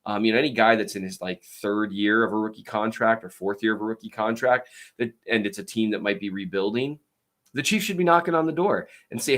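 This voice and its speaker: A man hosting a show, answering viewer questions in a rambling casual chat with many fillers and restarts. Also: on the low side. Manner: tries to talk louder and slower.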